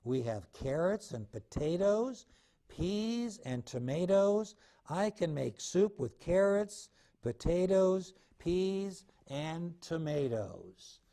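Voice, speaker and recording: A man's voice: sits high, big pitch swings, slow, mellow, voice pushed up, full character voice. Little Bear, a man voicing an eager bear cub.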